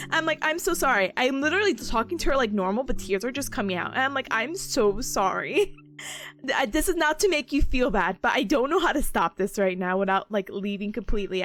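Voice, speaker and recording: A young woman hosting a study stream, telling a personal story in a casual, animated way and laughing often while acting out what she said. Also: fairly high pitch. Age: young adult. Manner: animated, laughing often, acting out her own past lines. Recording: faint music behind the voice.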